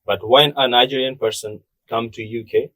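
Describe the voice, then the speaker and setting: A man's voice: mid-range voice, normal speed, dry recording, low-quality recording. A man from Bangladesh, chatting casually on a podcast and repeating words as he talks. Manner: animated, repeats words, does playful accent impressions. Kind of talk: casual chat.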